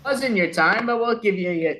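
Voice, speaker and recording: A man's voice: high-pitched, moderate pace, bright, forceful tone. A man hosting a comedy show over a video call, chuckling as he cuts in.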